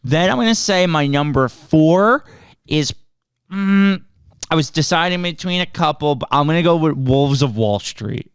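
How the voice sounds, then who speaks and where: A man's voice: a little high, expressive, moderate pace, clear, resonant tone, no echo, studio quality. A man co-hosting a movie review podcast in casual chat, who often repeats words as he gets going. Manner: repeats words as he starts sentences. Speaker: podcast co-host.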